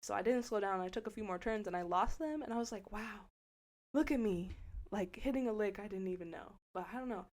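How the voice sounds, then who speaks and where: A young woman on a casual podcast, telling a story with animated energy. She acts out each person's lines and swears freely, speaking at a middle pitch. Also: fairly quick. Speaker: podcast co-host.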